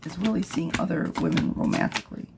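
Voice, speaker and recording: A woman's voice: fairly low pitch, sing-song, quick pace, gravelly, heavy background noise. A woman giving yes-or-no tarot readings on a livestream, chatting casually as she reads viewer questions aloud and thanks commenters. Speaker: tarot reader.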